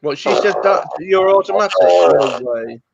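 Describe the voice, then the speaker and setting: A man's voice: high-pitched, lively intonation, normal speed, gravelly, background noise. A man with a Northern English accent chatting bluntly and dropping British slang. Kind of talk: casual chat. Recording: dull lo-fi audio.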